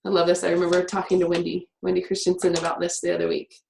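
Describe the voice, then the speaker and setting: A woman's voice: lowish voice, completely flat delivery, creaky, darkish tone. Upbeat, chatty female workshop teacher in an echoey room, light background noise. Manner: upbeat, chatty, quick with many "like" fillers. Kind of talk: guiding a class through writing prompts.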